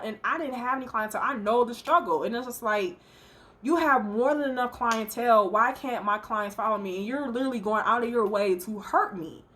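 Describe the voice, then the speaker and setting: A woman's voice: medium pitch, a bit bright. Chatty woman telling a storytime. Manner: chatty, emotional retelling with many fillers. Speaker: salon owner and hairstylist. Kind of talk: casual storytime vlog.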